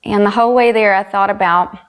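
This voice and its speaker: This woman is a fast talker with a medium pitch and steady tone, a country singer from South Carolina with a Southern US accent. Appearing as a guest, she earnestly shares a personal story and recounts what was said.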